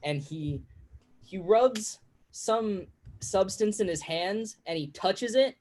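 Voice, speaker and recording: A game master casually narrating a tabletop game, with quick storytelling asides. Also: medium pitch, animated, a little mellow.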